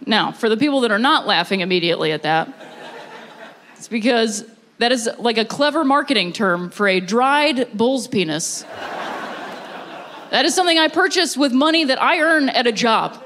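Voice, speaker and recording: Woman from Ohio, stand-up comedian, self-mocking, deadpan punchlines, slightly high voice, faint background noise. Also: normal speed. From Ohio, USA. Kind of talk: stand-up set. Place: comedy venue with a live audience.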